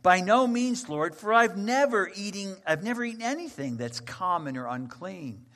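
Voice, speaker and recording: A man's voice: fairly high pitch, lively intonation, measured pace, creaky, a bit bright, husky, full character voice. A man voicing a bewildered male disciple who protests in an exasperated, incredulous way during a sermon. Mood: protesting.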